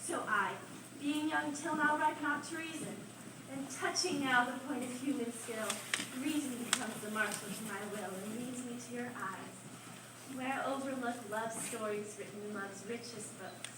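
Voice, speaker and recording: An ardent young nobleman in love, played by a woman, speaking earnest, declamatory verse in a high voice. The sound is echoey and recorded from a distance, with background noise. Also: moderate pace, natural voice. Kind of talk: amateur stage acting. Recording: echoey stage recorded from far off, noisy.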